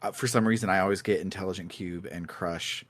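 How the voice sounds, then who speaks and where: A man co-hosting a podcast, chatting casually about video games in a relaxed, rambling way and laughing often. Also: low voice, brisk, no echo, studio quality. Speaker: podcast co-host.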